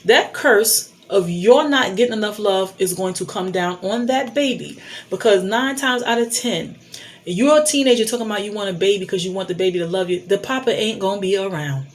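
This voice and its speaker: A middle-aged woman speaks in a blunt, preachy tone, hammering home her points by repeating them. Her voice sits at an ordinary pitch for a woman. She is recorded indoors on a phone camera. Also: a little fast. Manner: emphatic, preachy, repeats key phrases. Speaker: vlogger giving life advice. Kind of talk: candid advice monologue.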